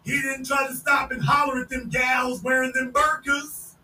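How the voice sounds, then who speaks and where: A podcast host, a man, loudly mocking a video in casual commentary and repeating his points. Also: very high voice, level tone, normal speed. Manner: mocking, loud, repetitive. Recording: echoey room, distant mic, faint noise.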